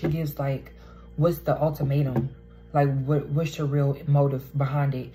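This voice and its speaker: A woman's voice: sits low, level tone, normal speed, dark tone, faint music behind, poor audio. A young woman, talking bluntly and swearing freely in a casual vlog rant at home. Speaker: vlogger. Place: indoors at home, poor lighting.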